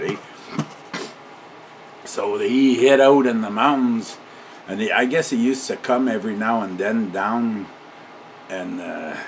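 A man's voice: fairly low pitch, slight background noise. An older man telling a casual, rambling story, often chuckling and ending his sentences with a questioning "eh?".

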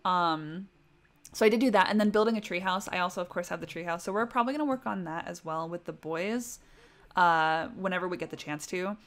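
A woman's voice: fairly low pitch, fairly quick. A young adult woman giving casual, chatty commentary on a life-sim game during a livestream, often talking straight to her characters.

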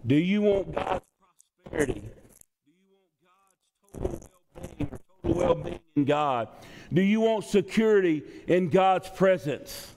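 A man's voice: high-pitched, very animated, a little slow, gravelly, long pauses, a little mellow, slight background noise. A male pastor preaching a sermon in a church, in a conversational style that repeats phrases for emphasis. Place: church sanctuary. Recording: long reverb from a church hall.

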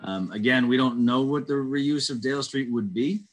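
A man's voice: medium pitch, moderate pace, low-quality recording. A man chairing an online town committee meeting, reading out residents' questions and answering them carefully with many ums and uhs. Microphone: video call.

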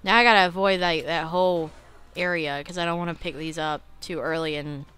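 A young adult woman hosting a casual let's-play, chatty and self-critical, clearing her throat often and breaking into excited outbursts. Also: lowish voice, a little fast, soft background music. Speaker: gaming channel host.

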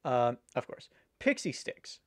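A man's voice: medium pitch, very animated, unhurried. A man chatting casually while ranking candy, rambling and swearing now and then. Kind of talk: casual chat.

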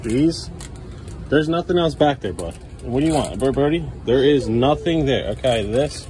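With a mid-range, somewhat dark voice, a man speaks at normal speed and with lively intonation. He's at home indoors, shooting a casual family vlog and coaxing his young sons with patience and playfulness. Clear background noise runs through the home-video recording.

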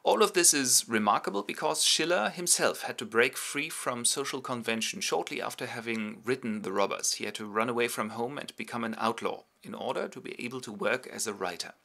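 A man's voice: medium pitch, a little fast, vocal fry, few pauses, sharp tone. A man narrating a comic summary of a classic play, with wry ironic asides. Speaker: host and narrator.

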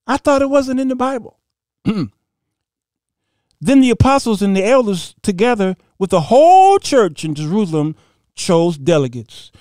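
A man preaches on his own show, his high voice swinging up and down. He laughs, mocks and reads passages aloud. The sound is close and dry. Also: darkish tone, dry recording. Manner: laughing, mocking, reading scripture aloud. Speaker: host of a Bible commentary show. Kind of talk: animated preaching commentary.

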